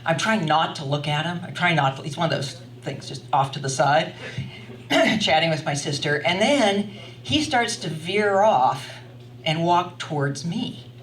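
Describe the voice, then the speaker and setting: An older woman telling a story live to an audience at a wine bar, animated and chatty, laughing often as she talks. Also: sits low, measured pace. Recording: roomy sound from a distant mic.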